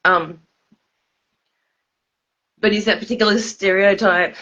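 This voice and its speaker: Slurring and tipsy, an Australian woman rambles on a livestream in a loose, repetitive way, breaking into laughter mid-sentence. Her mid-range voice is steady, slow, pushed and bright, though the recording is muffled.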